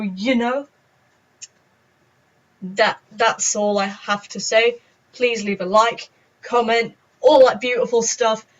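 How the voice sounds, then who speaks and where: A young woman chatting in a rambling, giggly, self-mocking way on a casual story-time vlog. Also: fairly high pitch. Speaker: vlogger. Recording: dull lo-fi recording.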